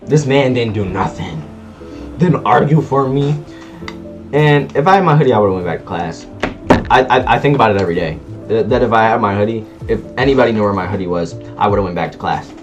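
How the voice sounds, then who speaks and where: A man telling a personal story in a casual vlog, animated and slangy, acting out sounds as he goes. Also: fairly low pitch, fairly quick, dull audio, music in the background. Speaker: vlogger.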